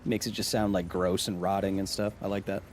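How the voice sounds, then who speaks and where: A man's voice: deep voice, flat delivery, a little fast, a little mellow, slight background noise. A man hosting a live game stream, joking around and chatting with viewers as he plays. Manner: playful, jokey, chatting with viewers. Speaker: gaming streamer and host.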